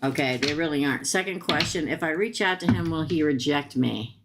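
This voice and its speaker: A woman's voice: sits low, fairly quick, background noise. A woman reading tarot cards on a live stream, chatting straight to her viewers in a casual, blunt way with slangy asides. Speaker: tarot reader.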